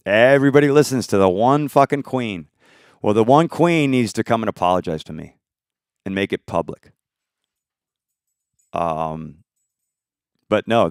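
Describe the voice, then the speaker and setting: A man in an angry, profane, unscripted rant, swinging between shouting and muttering. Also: lowish voice, clean tone, dry recording, studio quality.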